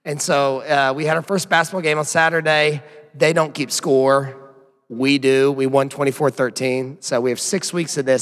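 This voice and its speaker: A hoarse man in his thirties, a pastor giving church announcements and opening a sermon in a casual, rambling way with self-deprecating asides. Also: fairly high pitch, a bit bright. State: hoarse from yelling while coaching. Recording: long hall reverb.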